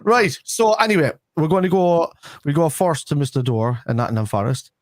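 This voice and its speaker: A man's voice: a little high, brisk, no room sound, studio quality. A man hosting a casual football livestream chat, chatty and friendly with his guests. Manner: chatty, calls everyone lad. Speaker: host.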